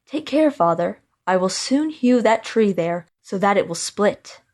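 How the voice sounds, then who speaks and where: A woman doing a calm young scholar. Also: medium pitch, measured pace, close to an everyday voice. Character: clever young male scholar, calm and sure. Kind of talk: storybook reading.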